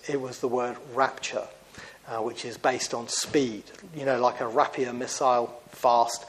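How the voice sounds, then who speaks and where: A man's voice: medium pitch, darkish tone, rough recording. A man preaching a sermon, explaining scripture in an earnest teaching manner with rhetorical questions and frequent filler sounds.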